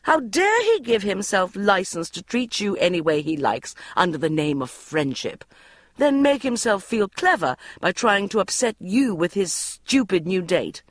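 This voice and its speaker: A reader voicing an indignant woman friend ranting loudly at a boozy dinner in an audiobook. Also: mid-range voice, sing-song, unhurried, dry recording, clean studio sound, voice pushed up. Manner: loud, furious ranting. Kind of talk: audiobook reading.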